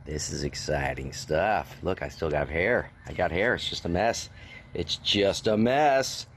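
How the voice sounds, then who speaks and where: A man sending a playful recorded shout-out, reading lines in a hammy, drawn-out way and short of breath. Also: low voice, slight background noise. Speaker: actor sending a recorded message.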